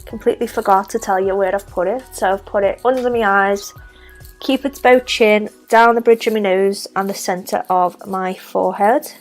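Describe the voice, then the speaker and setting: A woman's voice: mid-range voice, fairly even intonation, normal speed, faint music behind. A young woman with a Liverpool Scouse accent, talking through a makeup tutorial step by step with chatty, self-deprecating asides. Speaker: makeup vlogger. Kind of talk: casual makeup tutorial narration.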